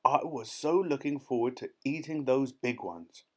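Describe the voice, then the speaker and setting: A man's voice: mid-range voice, a little slow, darkish tone, voice pushed up, natural voice. A man voicing a pompous, hot-tempered old duke who blusters and bellows in a raised voice. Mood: furious.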